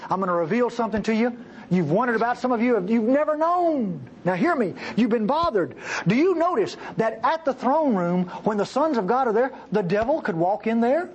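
A man preaching a sermon with passion, acting out the voices he quotes and jumping between high and low. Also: expressive, a little fast, highs cut off, a little hiss or hum.

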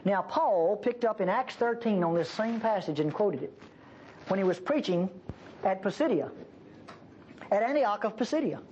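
A woman's voice: medium pitch, expressive, normal speed, pauses often, mellow, muffled recording, slight background noise. A woman preacher giving an emphatic, folksy sermon in a church.

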